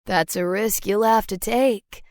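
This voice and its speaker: A woman doing a smooth, flirty mystery man. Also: medium pitch, unhurried, darkish tone, no room sound, clean studio sound, close to an everyday voice. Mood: flirtatious.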